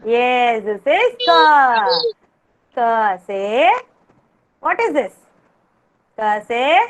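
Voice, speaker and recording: A kindergarten teacher, running an online class and patiently repeating words for the children to echo. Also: female voice, fairly high pitch, lively intonation, very slow. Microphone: video call.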